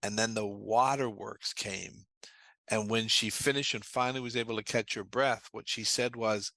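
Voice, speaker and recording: A man with a bright, forceful voice talks as a guest in an interview, earnestly explaining his therapy work. He has a fairly low voice, and the recording is dry and close, with no room sound. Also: steady tone, normal speed, no room sound. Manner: earnest, explanatory, tells anecdotes. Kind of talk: conversational interview storytelling.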